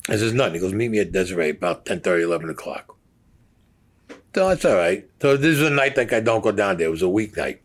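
A man being interviewed tells blunt, profane mob stories from his past in a low, sing-song voice at a quick pace. It's casual storytelling, and he acts out the voices of the people he quotes.

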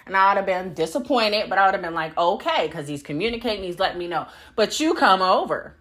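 A young adult woman hosting a solo podcast, talking bluntly and profanely in an animated, laughing monologue. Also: mid-range voice, quick pace, hardly any pauses. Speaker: podcast host.

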